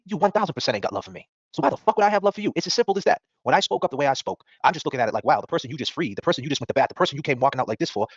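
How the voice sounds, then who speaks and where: This podcast host's voice is on the high side and husky, captured with no echo and in dull audio. He rants at critics in a talk-show-style monologue that's combative, profane and full of mockery.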